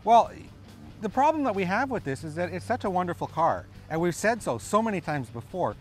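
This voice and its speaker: A man co-hosting a car review show, talking in a lively, playful way. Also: sits high, fairly quick, faint music behind.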